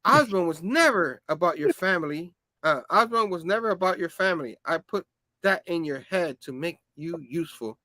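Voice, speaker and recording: A man voicing a scheming male comic-book villain while retelling a story, in close to his own high voice. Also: expressive, normal speed, sharp tone, no room sound, low-quality recording. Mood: scornful.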